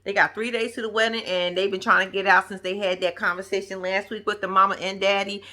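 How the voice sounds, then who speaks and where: A woman with giving a slangy, animated casual recap of a reality show, acting out the quotes. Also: mid-range voice, quick pace.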